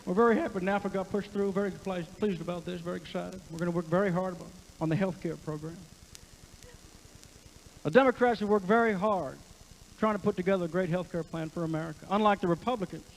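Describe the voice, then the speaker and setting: A man's voice: high-pitched, fast talker, a little hiss or hum, rough recording. A man doing a drawling Southern president. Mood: earnest. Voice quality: husky, crooner-like drawl. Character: impression of a Southern president, smooth, hoarse drawl.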